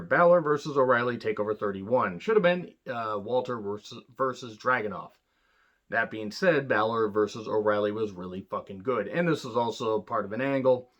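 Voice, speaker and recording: A man's voice: medium pitch, normal speed, a bit bright, highs cut off. A man giving a casual, profane wrestling review, blunt and sarcastic, rambling with restarts.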